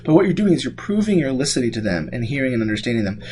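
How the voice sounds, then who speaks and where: A man's voice: mid-range voice, very animated, rapid-fire, darkish tone, a little hiss or hum. A man giving a classroom lecture, talking loosely with many fillers and restarts. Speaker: instructor.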